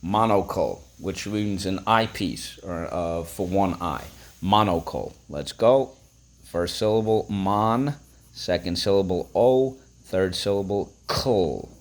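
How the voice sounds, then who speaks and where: A man's voice: sits low, unhurried. A man teaching a phonics lesson, breaking words into syllables and prompting listeners to repeat.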